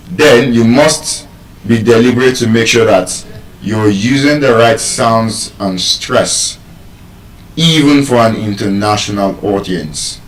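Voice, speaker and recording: A man with a Nigerian accent teaching English pronunciation, quizzing his listeners and calling for answers. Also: mid-range voice. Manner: animated, asks the audience questions. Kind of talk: live pronunciation class. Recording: echoey room, mic at a distance.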